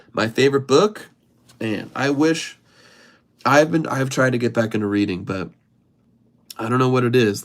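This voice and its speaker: A man hosts a relaxed livestream, reading viewer comments aloud and riffing on them with playful humor. His mid-pitched voice has a gravelly, creaky texture. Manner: playful, chatty, greets viewers by name. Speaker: improv comedian hosting a livestream.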